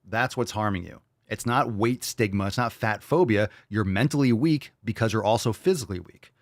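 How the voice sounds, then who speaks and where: A man's voice: on the low side, normal speed, dry recording, clean studio sound. A man hosting a podcast, reacting to clips with crude, combative, profanity-laced rants. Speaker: podcast host.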